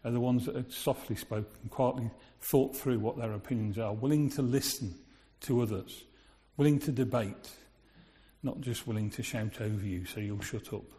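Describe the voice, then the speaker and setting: A man's voice: mid-range voice, moderate pace, warm tone. A man giving a sermon in a conversational way, asking his listeners rhetorical questions. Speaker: preacher. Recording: long reverb of a large hall.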